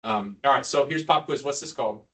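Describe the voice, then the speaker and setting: A man's voice: medium pitch, brisk, fairly bright tone, recorded from a distance. A man, a neurosurgeon, giving an informal teaching lecture to ICU staff, quizzing the room and joking as he goes. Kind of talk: casual teaching lecture with quiz questions.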